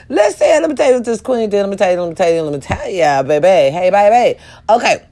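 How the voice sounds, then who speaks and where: A woman's voice: medium pitch, lively intonation, moderate pace, a little mellow. A woman talking casually to her viewers, telling a story with profanity and sudden shrieks. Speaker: vlogger.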